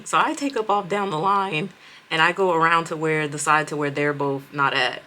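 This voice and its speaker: A young woman in casual storytime, animated and profane with laughing asides. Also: deep voice, a little fast. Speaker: storytime vlogger.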